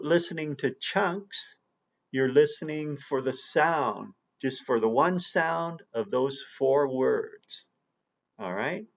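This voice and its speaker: A man's voice: fairly high pitch, vocal fry. A man teaching an English listening lesson, explaining patiently and checking in often with the learner. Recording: dull lo-fi recording.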